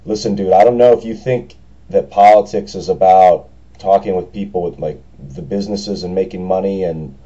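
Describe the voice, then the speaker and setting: Raspy hoarse young guy, dark husky voice, frustrated, rambly, lo-fi home cam audio. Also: deep voice, moderate pace. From United States. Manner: earnest, frustrated, rambling with many fillers. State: hoarse after a party. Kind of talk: casual video message. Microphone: camera microphone.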